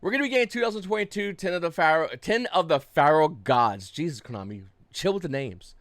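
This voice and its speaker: A man's voice: a little high, lively intonation, brisk, fairly bright tone, no room sound. A young adult man giving casual market commentary on camera, blunt and profane, flaring up into agitated rants. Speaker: YouTube card game market commentator.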